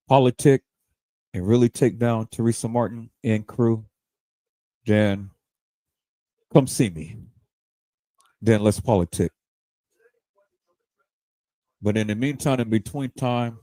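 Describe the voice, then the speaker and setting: A man hosts a livestream and rants in a heated, profane way, stammering and repeating words as he goes. His voice is medium in pitch and dark in tone, with no room sound.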